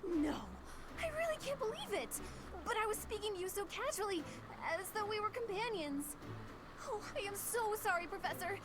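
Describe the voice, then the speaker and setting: Give me a flustered, apologetic young student in a video game, high and lively, through a noisy recording. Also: female voice, normal speed.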